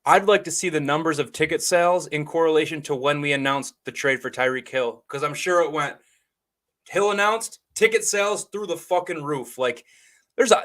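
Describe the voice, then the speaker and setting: A man's voice: on the high side, fairly bright tone. A man co-hosting a casual sports chat, laid-back and getting fired up at times. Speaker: co-host.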